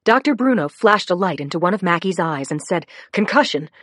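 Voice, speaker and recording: A woman's voice: on the low side, animated, fairly quick, a bit bright, dry recording, clean studio sound. A woman reading a crime audiobook in a dramatic narration style. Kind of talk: scripted narration.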